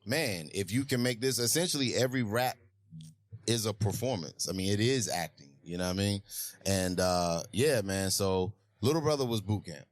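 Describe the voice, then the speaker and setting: A man's voice: lowish voice, lively intonation, normal speed, no echo. A man guest in a casual interview, telling candid, profane stories about his career. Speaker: rapper and TV writer guest.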